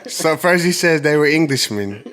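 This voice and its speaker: A man's voice: a little high, animated, moderate pace, over a noisy crowd. A man hosting a podcast, joking and teasing his friends in casual chat. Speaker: podcast host. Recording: clear background noise.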